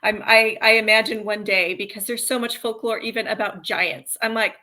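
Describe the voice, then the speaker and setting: A woman hosting an interview, chatting enthusiastically with quick bursts of speech. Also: mid-range voice, fairly even intonation, bright, forceful tone. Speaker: podcast host and author. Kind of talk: casual interview chat.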